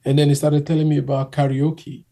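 A man's voice: a little high, completely flat delivery, a little fast, dark tone. A man from Nigeria telling his own story in casual chat, acting out other people's voices as he goes.

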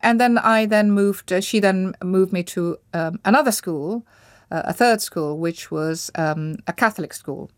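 A woman's voice: medium pitch, unhurried, no room sound, studio quality. Reflective woman recalling her childhood. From Indonesia. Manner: thoughtful, searching for words, frequent restarts. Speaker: interview guest. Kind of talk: reflective personal recollection.

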